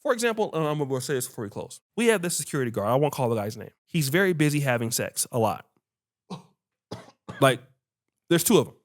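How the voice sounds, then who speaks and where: A man hosting a podcast who tells stories in casual chat, animated and swearing freely while acting out what people said. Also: medium pitch, a little fast, pauses often. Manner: animated, acts out quoted dialogue, swears freely. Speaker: podcast host.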